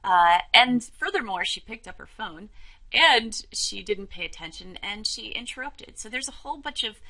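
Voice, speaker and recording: A woman instructor calmly explaining a listening lesson in a measured, encouraging way. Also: medium pitch, poor audio. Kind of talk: explaining a role-play lesson to camera.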